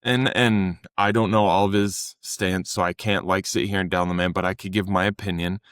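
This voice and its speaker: A young adult man co-hosting a casual podcast, talking earnestly about coaching and sometimes acting out what he says to clients in a louder voice. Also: low voice, steady tone, moderate pace, no room sound, studio quality. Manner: earnest, conversational, acts out quotes with raised voice. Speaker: fitness coach and podcast co-host.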